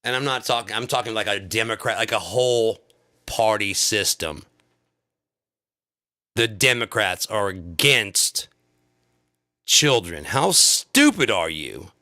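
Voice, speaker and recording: A man's voice: lowish voice, a little slow, long pauses, bright, forceful tone. A man on a live stream delivering an angry, profane political rant full of insults.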